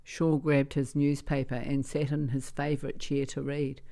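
A woman reading a family story aloud in a calm, even narrating voice. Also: a bass voice, moderate pace, creaky.

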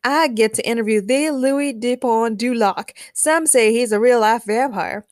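A woman voicing an eager young male reporter who talks excitedly. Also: on the high side, brisk, smooth, no room sound, clean studio sound, lightly acted. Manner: excited, upbeat.

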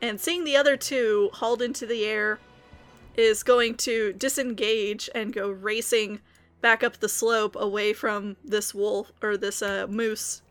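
A woman's voice: medium pitch, steady tone, measured pace, faint music behind. A woman running a tabletop game as game master, narrating the action in vivid detail.

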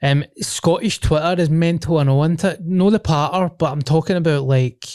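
A man's voice: on the high side, moderate pace, darkish tone, smooth, dry recording, studio quality. A young man with a Glaswegian accent hosting a casual podcast, rambling and swearing as he chats. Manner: swearing, laughing, rambling banter. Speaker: podcast host.

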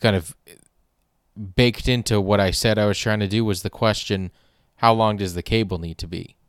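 A man's voice: lowish voice, fairly even intonation, normal speed, clear, resonant tone, no echo, clean studio sound. Man telling an exasperated story. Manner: rambling, exasperated, swears casually. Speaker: podcast host. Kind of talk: comedic storytelling.

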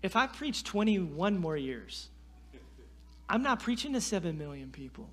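A man, telling a story in a sermon in an animated, self-deprecating way. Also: high voice, unhurried. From North Carolina. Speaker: guest preacher.

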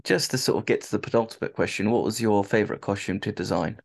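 A man's voice: on the low side, quick pace, creaky. A man interviewing a guest in casual chat, giving brief, agreeable prompts.

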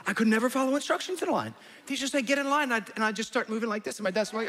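A man in his thirties from New Jersey, a pastor preaching a sermon and telling family stories with lively acted-out voices. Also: very high-pitched, rapid-fire. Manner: animated storyteller, acts out family voices. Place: large church hall. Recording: long hall reverb.

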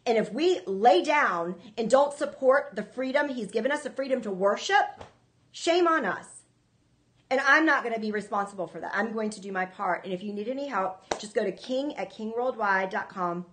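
A woman's voice: mid-range voice, normal speed, a bit bright. A woman hosting a ministry show, preaching to viewers in an earnest, emphatic way, often repeating herself. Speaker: ministry host.

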